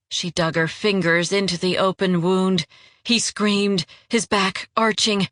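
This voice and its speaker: In clean studio sound with no echo, a woman with a mid-range voice delivers scripted audiobook narration. Her storytelling stays measured and even throughout.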